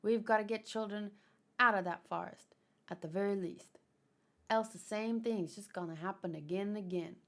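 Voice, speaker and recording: A woman's voice: medium pitch, normal speed, natural voice. A woman voicing a weary older hunter father who speaks steadily and solemnly, in a manga read-aloud.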